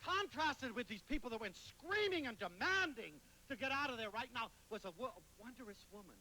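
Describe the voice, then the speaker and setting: Male speaker, high bright voice, lively lecture delivery, drops to near-whisper and bursts loud. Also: moderate pace, slight background noise, poor audio. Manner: animated, dramatic storytelling with sudden loud and soft swings. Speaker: motivational speaker. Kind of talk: public lecture with anecdotes.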